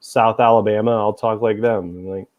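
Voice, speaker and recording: A man's voice: fairly low pitch, fairly even intonation, moderate pace, dull audio. A middle-aged man from Tennessee hosting a casual livestream chat over a video call, chatty and easygoing, laughing often. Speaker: host.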